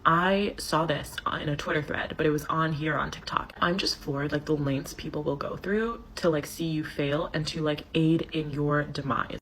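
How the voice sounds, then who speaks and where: A woman retelling a story she saw online in a gossipy, animated way, with slang. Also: low-pitched, normal speed, hardly any pauses, a little hiss or hum, rough recording. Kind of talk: casual chat.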